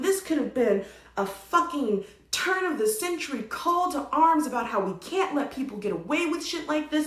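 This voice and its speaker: Young woman, casual film review, high lively voice, swears a lot, echoey room. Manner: animated, profane, acts out characters.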